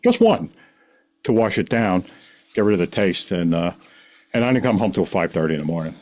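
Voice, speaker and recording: A middle-aged man tells his story on a podcast in a somewhat low voice. He talks in animated bursts, backing up and restarting his sentences as he goes. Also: a little fast. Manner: rambling, animated, frequent restarts. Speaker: guest. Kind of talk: casual storytelling.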